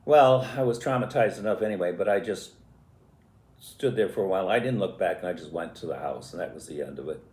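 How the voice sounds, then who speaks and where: A man in his eighties telling stories from his life in a halting, reflective and emotional way. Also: low-pitched, a little mellow. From US Midwest. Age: 80s. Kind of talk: personal storytelling. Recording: echoey room.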